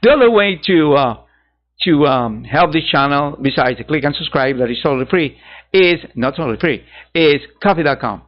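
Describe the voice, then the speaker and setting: A man's voice: on the high side, lively intonation, normal speed. A man hosting a digital art channel, chatting casually to viewers in a rambling way, correcting himself and chuckling at his own asides. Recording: dull lo-fi sound.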